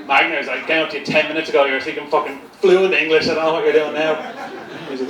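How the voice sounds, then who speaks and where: A sardonic stand-up comedian with a somewhat high voice, swearing freely as he rambles. He sounds set back from the microphone in a roomy venue, with a crowd laughing clearly around him. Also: steady tone, fast. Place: comedy gig venue, indoors. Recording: roomy, distant mic, crowd noise. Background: audience laughter.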